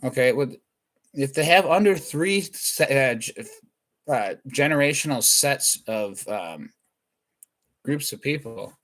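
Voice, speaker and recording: Rambling man, mid-pitched voice. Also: animated, slow pace, a bit bright. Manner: scattered, self-interrupting, restarts thoughts mid-sentence. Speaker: comedian. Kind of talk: rambling comedic monologue.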